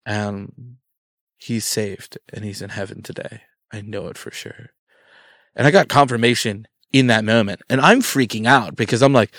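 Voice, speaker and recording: A man telling a lively story in casual chat, acting out the quotes as he goes. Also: lowish voice, moderate pace, no echo, studio quality. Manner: animated, acts out quotes in his story. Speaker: guest.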